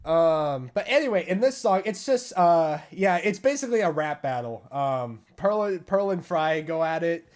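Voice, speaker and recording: A young man co-hosting a casual podcast, retelling things in an excitable, animated way with lots of fillers. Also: a little high, normal speed, hardly any pauses. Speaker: podcast co-host. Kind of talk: casual chat.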